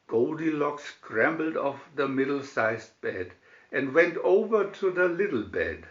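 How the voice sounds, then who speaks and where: Slow, lively male storybook reader. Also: on the high side, echoey room, lo-fi sound. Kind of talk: slow read-aloud fairy tale narration.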